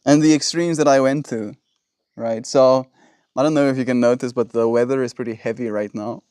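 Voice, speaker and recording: A man of middle pitch talks casually to his livestream audience, rambling and exasperated as he vents. His voice sits in a dry space with almost no room sound. It has the loose, unscripted feel of talking into a phone. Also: steady tone, fairly quick, dark tone, smooth, no room sound. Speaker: livestream host. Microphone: phone in vertical livestream.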